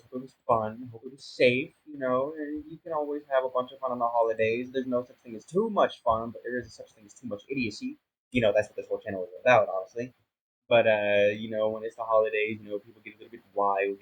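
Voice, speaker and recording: A man's voice: medium pitch, breathy edge, muffled recording. A young man giving casual, self-mocking commentary on a sandbox building game, flustered and rambling as he fumbles along. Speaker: gaming YouTuber.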